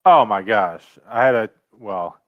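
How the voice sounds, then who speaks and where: A man's voice: lowish voice, unhurried, no room sound, phone-quality sound. A young man co-hosting a casual podcast, telling a story in a laid-back way. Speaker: podcast co-host. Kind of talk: casual chat.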